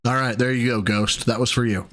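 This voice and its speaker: A man's voice: medium pitch, fairly even intonation, fairly quick, fairly bright tone. A man hosting a live stream, reacting to clips with profane, sarcastic anger and thanking viewers. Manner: profane, angry ranting with sarcasm. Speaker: streamer host.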